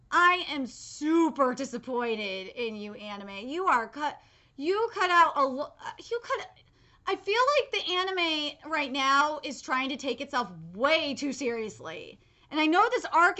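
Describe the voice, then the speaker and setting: Woman, twenties, live anime reaction, high voice, swears a lot, lots of ums and restarts. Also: sharp tone. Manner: loose and profane, full of fillers and restarts; reads manga dialogue aloud between comments.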